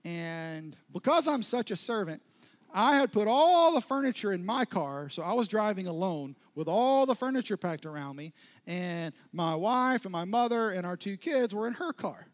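A man's voice: high-pitched, expressive, normal speed. A pastor telling a humorous, self-mocking personal story during a sermon, acting out his own past words.

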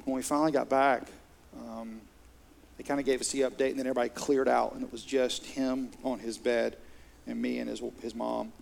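Gravelly earnest pastor man. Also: medium pitch, flat delivery, a little fast, slight background noise. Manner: earnest, conversational, with soft laughs. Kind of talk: sermon.

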